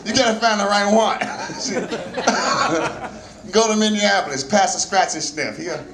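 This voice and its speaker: A man in his forties telling stand-up stories at an open mic in a small jazz club, laughing often and breaking into shouts. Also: sits high, slow, roomy sound, crowd noise, poor audio. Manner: loose, laughing storytelling with shouted bursts. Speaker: stand-up comedian. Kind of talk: stand-up comedy set.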